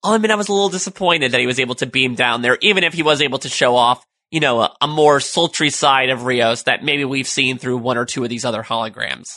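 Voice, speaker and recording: A man co-hosting a casual fan discussion podcast, chatty and quick with jokes. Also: medium pitch, pushed and bright, dry recording. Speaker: podcast co-host.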